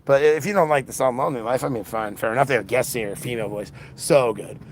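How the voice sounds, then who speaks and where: A man's voice: mid-range voice, very fast, a little hiss or hum. An exhausted man hosting a casual livestream, rambling with lots of restarts, recorded on a phone. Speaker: livestream host.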